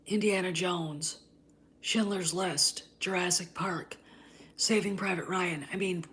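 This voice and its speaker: A woman hosting a commentary vlog, ranting in a heated, scornful way, often tagging "okay?" and dropping into breathy near-whispered asides. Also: fairly low pitch, fairly bright tone. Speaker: channel host.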